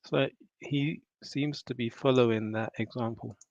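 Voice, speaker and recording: A man's voice: mid-range voice, fairly even intonation, measured pace, darkish tone, no room sound. A man hosting a live stream, chatting casually and laughing as he reacts to a video while eating. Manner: chatty, laughs often, stops to rewind. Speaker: livestream host reacting to a video. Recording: dull lo-fi dry mic.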